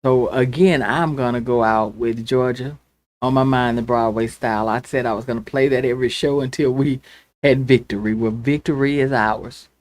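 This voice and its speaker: A woman hosting her own show, delivering an angry, impassioned political rant that swings from loud outbursts to hushed pleading. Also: rumbling low, steady tone, moderate pace, no echo. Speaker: show host.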